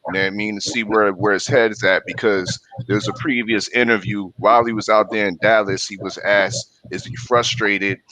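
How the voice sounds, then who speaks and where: A man's voice: lowish voice, steady tone, moderate pace, few pauses, pushed and bright, poor audio. A man hosting a casual boxing chat, rambling with lots of fillers and restarts. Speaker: podcast panel host. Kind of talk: casual fight-prediction chat.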